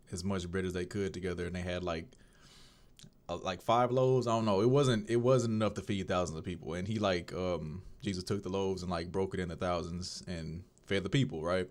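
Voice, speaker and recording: Man, fairly low voice, casual reflective diary talk, rambling, searching for words. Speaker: video diarist.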